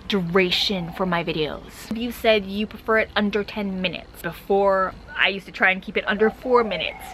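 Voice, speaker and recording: A woman travel vlogger talks to camera in a casual, candid chat. Her speech is quick and tumbles along, and her voice sounds bright and tense. A faint noise sits behind her. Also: mid-range voice, steady tone, low-quality recording. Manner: fast, chatty, candid.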